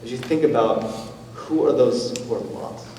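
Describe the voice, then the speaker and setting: A man preaching a sermon as pastor, with a conversational, gentle manner and casual fillers. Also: medium pitch, normal speed, a little hiss or hum. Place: church sanctuary. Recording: roomy church hall, from a distance.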